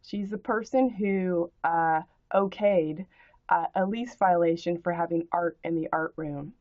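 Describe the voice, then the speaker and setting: Slow-talking woman in a ranting monologue. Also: lowish voice, fairly even intonation, a little mellow, no room sound, dull audio. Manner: spells out words and rhymes in playful wordplay, with profanity. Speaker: vlogger answering a commenter.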